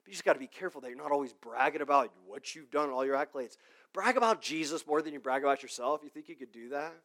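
A male pastor with a slightly high voice preaching in a loose, conversational way. He keeps checking in with his listeners and swings from loud, emphatic punches to hushed asides. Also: fast. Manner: chatty, peppered with "like" and "okay?" checks. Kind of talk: casual conversational sermon.

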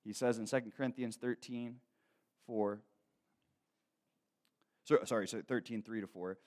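Man preaching with loud swells. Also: on the low side, steady tone, moderate pace, long pauses. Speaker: pastor. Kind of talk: sermon.

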